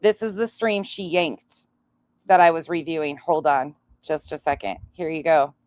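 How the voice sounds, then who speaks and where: A woman's voice: deep voice, steady tone, moderate pace, darkish tone, no echo. A woman from North Dakota with an upper Midwest accent and a nasal voice, giving blunt, profane reaction commentary on a stream. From North Dakota, raised in Montana.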